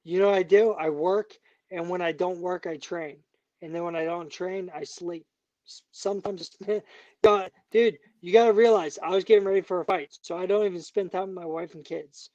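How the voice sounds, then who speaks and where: A man's voice: sits high, steady tone, moderate pace, darkish tone, no echo, dull audio. A man, a bare knuckle fighter, talking as a guest in a heated interview, angry, emphatic and profane.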